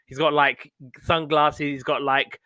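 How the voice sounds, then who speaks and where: A man's voice: fairly high pitch, flat delivery, bright, forceful tone, no echo. A young man casually recapping a sitcom episode as a podcast host, rambling with lots of fillers. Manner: chatty, loose retelling with many fillers and quick laughs. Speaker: podcast host reviewing TV shows.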